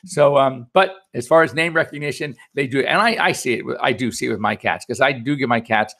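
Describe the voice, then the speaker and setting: A man's voice: medium pitch, brisk, gravelly, a bit bright. A middle-aged man hosting a pet radio show as a veterinarian, talking in a chatty, anecdotal, upbeat way. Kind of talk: casual chat.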